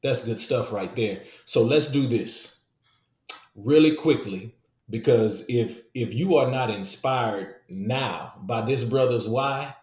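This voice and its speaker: A man's voice: mid-range voice, slow pace, a little mellow. A man hosting a podcast interview, affirming his guest and asking where listeners can find him. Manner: encouraging, affirming. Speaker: podcast host. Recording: echoey room.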